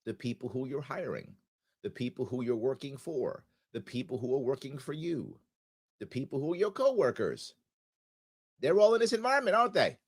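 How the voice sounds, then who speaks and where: A man's voice: mid-range voice, sing-song, normal speed, husky. A man hosting a live talk radio show, his voice nasal and stuffy from allergies, talking emphatically with rhetorical questions and sarcastic asides. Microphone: studio microphone.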